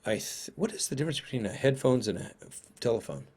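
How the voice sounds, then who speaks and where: A man's voice: medium pitch, expressive, quick pace, a little mellow. A man teaching parents in a live seminar, talking conversationally and thinking aloud with occasional fillers.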